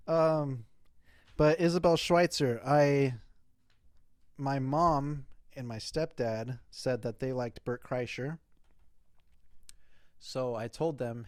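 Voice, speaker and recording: A man's voice: mid-range voice, slow pace, pauses often, no echo, studio quality. A young man hosting his own show, answering listener questions in a loose, rambling casual chat with plenty of fillers and swearing.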